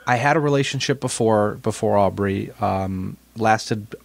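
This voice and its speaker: A man's voice: on the low side, measured pace, gravelly. A man co-hosting a podcast, telling a story in casual chat and often repeating his words. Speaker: podcast co-host.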